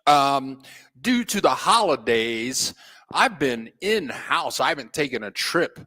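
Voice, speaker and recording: A man hosting a casual live stream, greeting viewers by name with playful, folksy shout-outs. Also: mid-range voice, big pitch swings, slow. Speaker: host of a live stream about living abroad. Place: home in a Mexican city.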